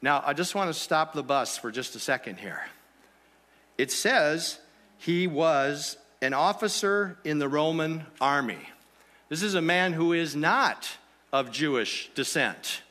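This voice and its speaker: A man's voice: a little high, sharp tone, in a large hall. A man preaching a sermon in a church, conversational and asking the congregation rhetorical questions. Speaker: pastor.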